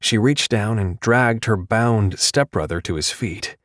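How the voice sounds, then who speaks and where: Brief: male audiobook narrator, low, even read, dry studio mic. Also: a little slow, dry recording.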